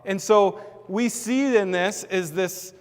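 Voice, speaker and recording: A man's voice: high-pitched, slow, clean tone, long reverb tail. A man leading a church team's training session in a casual, conversational teaching style, full of "like" and "kinda". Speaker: church team leader.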